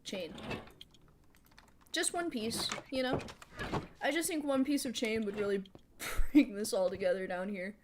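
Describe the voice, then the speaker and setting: A woman streamer giving casual live gameplay commentary. She thinks out loud while she builds, answers chat aloud and laughs often. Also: a little high, unhurried, long pauses, noisy background. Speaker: streamer playing a building game.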